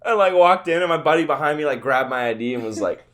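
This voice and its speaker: A young man with a bright, forward voice that swings up and down a lot. He tells laid-back party stories on a casual podcast, laughing as he goes. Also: fairly high pitch, expressive, fast. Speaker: podcast co-host. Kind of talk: casual chat.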